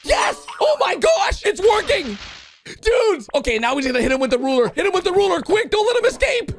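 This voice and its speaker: Excitable high-voiced male commentator. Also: fairly quick, vocal fry, slight background noise. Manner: excitable, swinging from loud shouts to low mutters. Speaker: YouTube commentator. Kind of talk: excited commentary over animations.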